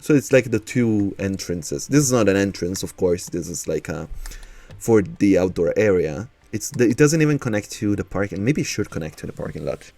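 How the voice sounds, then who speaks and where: A man's voice: deep voice, expressive, moderate pace, a little mellow, dry recording. A man streaming casually, chatting and thinking aloud as he builds in a game, with a manner.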